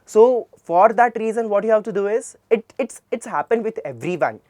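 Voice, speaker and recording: Indian English teacher spelling words aloud. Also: male voice, high-pitched, expressive, normal speed, dark tone, no room sound, clean studio sound. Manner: spells words letter by letter and repeats them emphatically. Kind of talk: classroom lecture.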